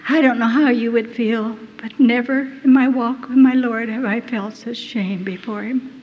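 Speaking at a moderate pace with fairly even intonation, a woman whose voice runs on the high side shares her personal story with an audience. This earnest, emotional testimony comes through a dull lo-fi hall recording with faint noise.

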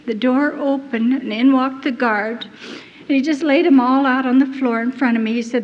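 A woman gives an earnest, emotional first-person testimony to an audience, telling her own story. Her voice sits high with fairly even intonation at a moderate pace, heard in a dull lo-fi hall recording with faint noise.

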